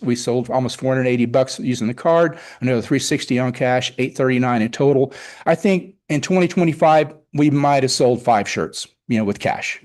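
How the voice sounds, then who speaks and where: A middle-aged car show organizer with a medium-pitched, somewhat dark voice presents to the town board. His report at the public meeting is enthusiastic and rambling, and he often retells conversations.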